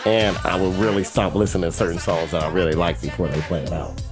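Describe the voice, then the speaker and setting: A man's voice: low voice, fast, over music. A man in a casual podcast chat, laughing often and cussing emphatically.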